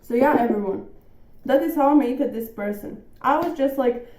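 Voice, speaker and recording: Excitable woman recapping a chess game. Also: high voice, moderate pace. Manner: excitable, chatty, animated self-quoting. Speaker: chess channel host. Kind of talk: casual game commentary. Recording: echoey room.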